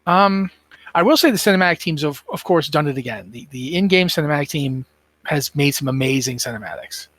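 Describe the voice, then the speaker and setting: A man's voice: a little high, animated, a little fast, fairly bright tone, no room sound. A tired man co-hosting a casual gaming podcast, rambling and thinking aloud with plenty of fillers. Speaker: podcast co-host.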